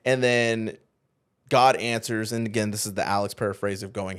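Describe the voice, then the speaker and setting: A man who is a youth pastor, telling a personal story on a podcast in an animated way, acting out what others said and saying "like" often. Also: medium pitch, brisk. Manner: animated, acts out quoted dialogue, heavy use of "like". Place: podcast studio.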